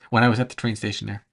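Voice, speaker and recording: A man's voice: fairly low pitch, vocal fry, a bit bright. Rambling man with lots of fillers. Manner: rambling, hesitant, many fillers, often searching for words; laughs between phrases. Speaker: vlogger answering chat. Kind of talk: casual livestream chat over travel footage.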